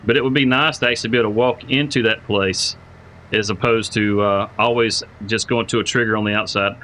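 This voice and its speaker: A man hosts a live game stream, rambling casually and greeting viewers by name. His voice is bright and forward. Faint game noise sits quietly behind him. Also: on the low side, steady tone, a little fast, rough recording. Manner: rambling, repeats words while thinking aloud. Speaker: livestreamer playing a farming game.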